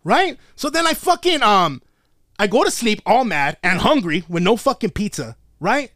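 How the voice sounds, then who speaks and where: A male podcast co-host with a high voice tells a story in casual chat at a normal speed, cursing nonstop and leaning on slang. His retelling is animated and profane, captured dry with studio quality.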